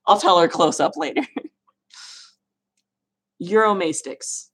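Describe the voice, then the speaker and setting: A woman's voice: on the low side, measured pace, pauses often. A woman chatting casually on a livestream, answering viewers' questions about reptiles and laughing at her own mispronunciations. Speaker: reptile keeper answering live chat questions.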